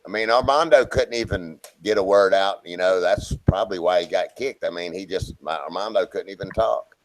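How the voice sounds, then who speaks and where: A man's voice: low voice, moderate pace, no room sound, low-quality recording. A man on a casual group call, indignant and profane, repeating himself as he vents.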